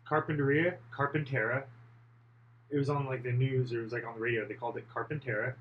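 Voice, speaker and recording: A man's voice: mid-range voice, highs cut off, a little hiss or hum. A man co-hosting a live stream, rambling through stories in casual chat. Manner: rambling storyteller with laughs and quick impressions. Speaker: stream co-host.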